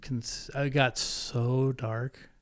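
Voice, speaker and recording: A man in his fifties opens up as a podcast guest in a mid-pitched voice. He talks candidly and with feeling, often stopping and restarting his sentences as he works through painful memories. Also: flat delivery. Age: 50s. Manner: emotional, candid, halting with restarts. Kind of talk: personal storytelling interview.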